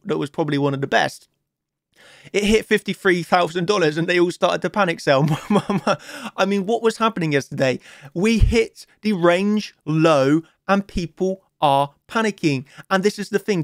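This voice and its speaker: A young crypto trading analyst with a slightly high voice and vocal fry walks viewers through a price chart in a live monologue. He's blunt and self-assured, frequently restarting his words. The sound is dry and studio-clean.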